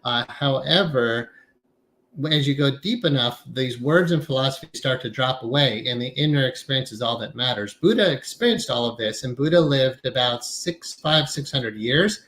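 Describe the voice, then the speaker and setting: A man giving a conversational lecture on meditation to a class, talking in a relaxed, reflective way with some fillers. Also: medium pitch, normal speed, poor audio. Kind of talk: casual lecture.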